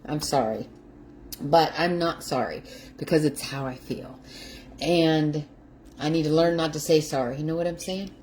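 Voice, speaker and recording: Middle-aged woman, low mellow voice, effusive and teary live-stream host in a home kitchen. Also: normal speed, slight background noise. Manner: warm, effusive, greets viewers by name. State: teary-eyed. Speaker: keto lifestyle livestream host. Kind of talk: casual livestream chat.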